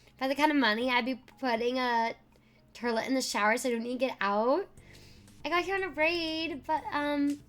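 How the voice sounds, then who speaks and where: A woman's voice: high-pitched, a little fast, fairly bright tone. A young woman streamer chatting and joking as she reacts live, with frequent fillers.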